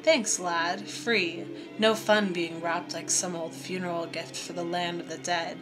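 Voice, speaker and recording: A woman voicing an ancient, dusty old male mummy who speaks in urgent, hushed tones. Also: lowish voice, fairly even intonation, measured pace, music in the background, lightly acted.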